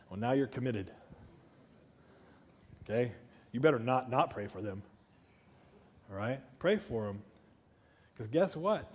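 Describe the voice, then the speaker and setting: A middle-aged man, preaching a sermon as pastor and telling a story with swings from quiet talk to shouting. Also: mid-range voice, animated, slow, long pauses, husky. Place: church sanctuary.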